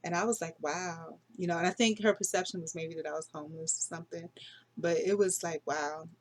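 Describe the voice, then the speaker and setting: A woman's voice: lowish voice, steady tone, fast talker. A middle-aged woman talking casually through her dreams in a rambling, unsure way, full of fillers and self-corrections. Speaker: dream vlogger. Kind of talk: casual dream diary monologue.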